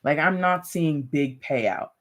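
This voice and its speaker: A tarot reader hosting a relaxed live stream, chatting to viewers as if they were friends. The talk is loose and rambling, full of "like" and "you know", with small laughs mixed in between card readings. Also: medium pitch, slow. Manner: talks straight to viewers with light laughs.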